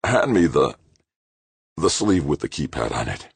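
A man with a low, creaky voice reading an audiobook, voicing an injured man who speaks weakly but urgently. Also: sing-song, measured pace, dry recording, heavily acted. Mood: pained. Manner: weak, strained, urgent.

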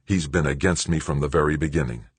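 A man reading an audiobook in a measured, dramatic narration. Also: extremely low pitch, breathy edge, no room sound. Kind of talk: scripted narration.

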